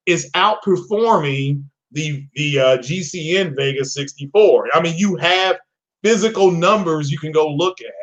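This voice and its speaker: A man's voice: fairly high pitch, a bit bright. A man co-hosting a gaming talk show, explaining at length with many hesitations and restarts. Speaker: co-host. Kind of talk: casual chat.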